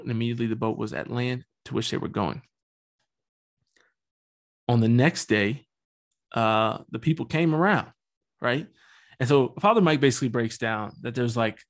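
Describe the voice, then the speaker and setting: A man's voice: medium pitch, normal speed, creaky, pauses often. A young man hosting a podcast, talking through a Bible passage in a casual, joking way full of slang. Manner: slangy, joking, loose and chatty. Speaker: podcast host. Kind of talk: casual Bible-study talk.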